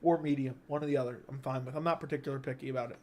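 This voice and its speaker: A man's voice: mid-range voice, fairly even intonation, racing, a little mellow, slight background noise. A man hosting a livestream, reading chat and teasing viewers with crude jokes. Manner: crude, joking, teasing chatters. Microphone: studio dynamic mic.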